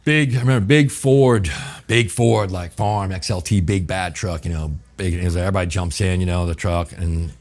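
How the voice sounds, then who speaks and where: A middle-aged man from New Orleans, a chef guest telling stories in a casual, profane, animated way and acting out the exchanges he quotes. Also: low-pitched, normal speed. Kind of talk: casual storytelling.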